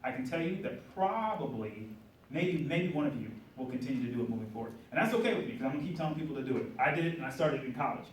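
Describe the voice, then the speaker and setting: A middle-aged man giving an energetic motivational talk at a conference, often asking the audience questions. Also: mid-range voice, fast talker, a little hiss or hum. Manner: energetic, asks the room questions. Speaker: conference speaker. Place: conference hall. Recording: roomy hall audio from a distance.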